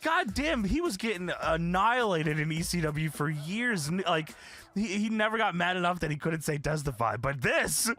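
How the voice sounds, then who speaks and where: A man chats through a wrestling recap with his friends, his voice bright and a touch high. His pitch swings widely as he mocks old promos and swears freely. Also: animated, normal speed. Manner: profane, laughing, recaps promos in mocking voices. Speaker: podcast co-host. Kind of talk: casual wrestling recap chat.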